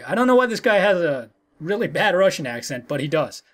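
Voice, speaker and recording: A let's play host with a high-pitched voice comments casually and briskly as he plays a video game, very animated throughout. Now and then he reads the game's dialogue aloud in put-on voices, with game music playing in the background.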